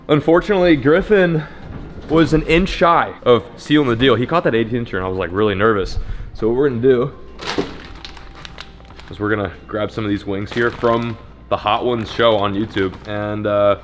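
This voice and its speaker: A young man hosting a fishing vlog outdoors, chatting casually and joking crudely. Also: on the low side. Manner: joking, crude, hype outro. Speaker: fishing channel host.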